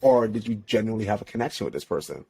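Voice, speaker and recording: A man's voice: lowish voice, racing, vocal fry, slightly rough. A man speaking as a relationship expert guest on a podcast, talking casually in slang with frequent laughs. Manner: slangy, animated, laughs often.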